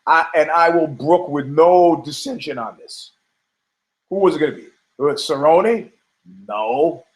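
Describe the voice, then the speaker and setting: A man's voice: fairly high pitch, measured pace. Brash, profane man talking sports. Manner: brash, profane, rambling with restarts. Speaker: podcast host. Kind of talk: casual opinionated commentary.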